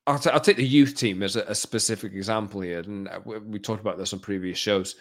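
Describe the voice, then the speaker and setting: A man co-hosting a football podcast, speaking in a low voice with a measured, explanatory manner. He lays out his points at a steady pace in casual conversation. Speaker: podcast co-host.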